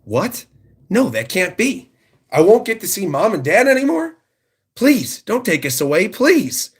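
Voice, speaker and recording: A man's voice: high-pitched, sing-song, a little slow, breathy edge, voice pushed up, full character voice. A man doing frightened pleading kids. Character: frightened young children pleading for their parents.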